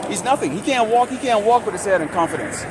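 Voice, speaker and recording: A man's voice: high-pitched, expressive, quick pace. A man street preaching to a camera outdoors, heated, ranting and profane. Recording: outdoor traffic noise.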